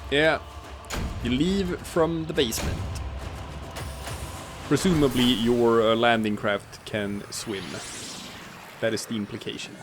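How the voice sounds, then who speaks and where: A man's voice: medium pitch, fairly even intonation, slow pace, pauses often, over music. A man co-hosting a casual gaming let's play, explaining game mechanics and joking around. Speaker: co-host watching a gameplay let's play.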